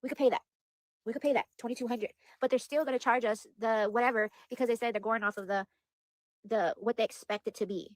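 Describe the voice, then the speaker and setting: A young woman speaks quickly to her viewers in a casual vlog, with a slightly high voice. She sounds worried and upset, circling back over the same points and filling her speech with "like" and "you guys." The recording is dry and close. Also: fairly even intonation, no echo. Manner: rambling, repeats herself, heavy use of "like" and "you guys". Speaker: vlogger.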